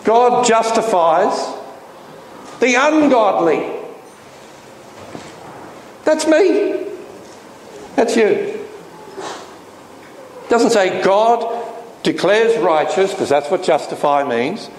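A man preaches a sermon in an emphatic style, often asking rhetorical questions. His pitch swings up and down, and his voice sits a little on the high side. The recording is roomy, with a long hall reverb and faint background noise. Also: animated, very slow, pauses often.

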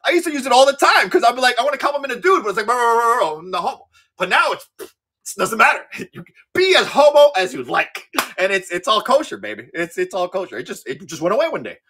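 A man hosting a casual livestream, joking crudely, laughing often and repeating words in quick bursts. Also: very high-pitched, big pitch swings, fairly bright tone, slightly rough. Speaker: livestream seller host.

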